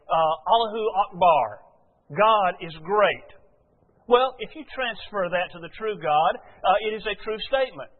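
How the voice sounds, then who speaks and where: A man preaching a sermon as pastor to his congregation, chatty and questioning with frequent "uh" fillers, slowing down to read scripture aloud. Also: high voice, in a large hall, phone-quality sound. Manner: conversational, asks congregation questions, many "uh" fillers; slow and deliberate reading scripture aloud. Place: church sanctuary before a congregation.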